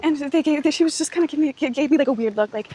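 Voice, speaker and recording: A young travel vlogger chats to camera very fast, rambling, mocking herself and saying "like" a lot. Her voice sits high with a dark tone, and there's slight background noise.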